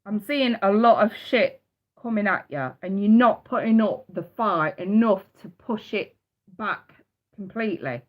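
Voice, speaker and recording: A woman's voice: medium pitch, lively intonation, a little slow. A woman giving a live tarot reading, blunt and emphatic, swearing freely and repeating her points. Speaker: tarot reader. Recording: dull lo-fi sound.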